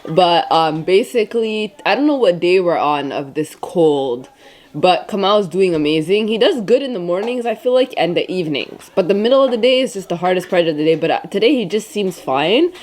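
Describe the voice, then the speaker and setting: Woman, stay-at-home mom vlogger, lower pitch, weary, casual and blunt, talking straight to camera. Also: lively intonation, normal speed, darkish tone. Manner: chatty, rambling, frank. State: tired. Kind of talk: casual vlog talk to camera.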